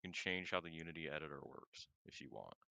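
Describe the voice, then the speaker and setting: A man's voice: rumbling low, animated, fast talker, gravelly, pushed and bright, dry recording. A young man in casual chat about game code, puzzling it out aloud and reading out answers. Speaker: game developer. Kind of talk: casual chat while coding.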